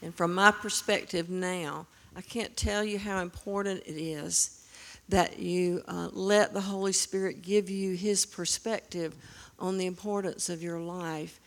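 Lady in her 70s preaching, earnest and steady, quotes scripture. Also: fairly low pitch, unhurried. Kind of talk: sermon.

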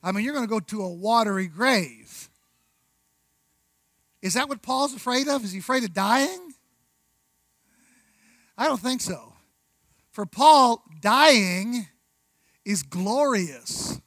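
A man preaching a sermon, conversational, with rhetorical questions, asides and slow, deliberate emphasis on key words. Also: extremely high pitch, lively intonation, a bit bright, dry recording, poor audio. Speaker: pastor.

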